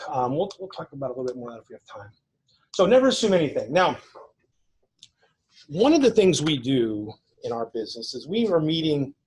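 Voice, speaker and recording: A man's voice: mid-range voice, darkish tone, slight background noise, low-quality recording. A man speaking to a conference audience, coaching agents in a conversational way with anecdotes and frequent restarts. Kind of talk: live seminar talk with anecdotes. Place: conference room before an audience.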